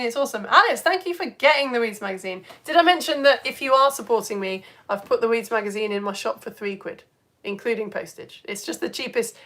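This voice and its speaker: An excitable woman, an adult parent, is streaming live as an educator and reading out chat comments. She's chatty, with big swings in both pitch and loudness.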